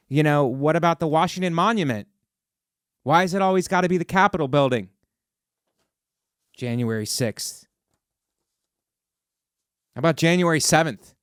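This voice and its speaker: A man in his forties from Ohio hosts a podcast alone, delivering a sarcastic comedic rant that builds into mock outrage. His voice is fairly high with a clean tone, recorded in a podcast studio with clean sound and no room noise.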